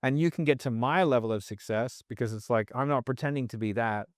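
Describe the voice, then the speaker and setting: A man guesting on a casual podcast as a sales trainer talks fairly quickly in a mid-range voice, with clean studio sound and no echo. He rambles and speaks bluntly, cursing often and relying heavily on "like" and other fillers.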